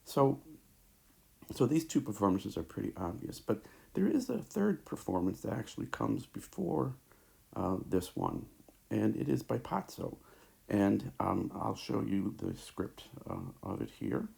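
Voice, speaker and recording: A man teaching a recorded lecture over slides, talking haltingly with many fillers and restarts, into a tablet mic. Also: fairly low pitch, wildly swooping pitch, vocal fry, a little mellow.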